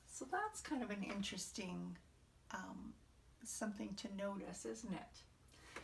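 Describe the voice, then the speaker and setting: A woman teacher walks young children through a morning message, asking them questions in a sing-song way. Her speech is very slow and a little high, with a gravelly edge. She sits back from the mic, and a faint hiss runs underneath. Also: animated, far from the mic.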